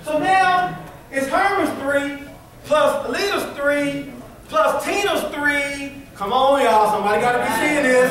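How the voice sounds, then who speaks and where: An animated man leads a motivational training session and keeps quizzing the crowd in casual speech. His voice sits very high. It comes from a distance in a hall with heavy echo. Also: unhurried. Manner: animated, colloquial, quizzes the audience. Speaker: sales trainer. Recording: echoey hall from far off.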